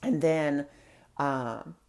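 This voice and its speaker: Woman spiritual host with a low voice, casual chatty storyteller. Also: very slow, a little mellow. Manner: chatty, many fillers, acts out quotes. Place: live online broadcast.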